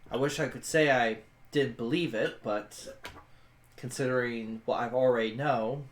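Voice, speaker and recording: A man voicing a stern female soldier who speaks low, quiet and grave. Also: measured pace, roomy sound, close to an everyday voice.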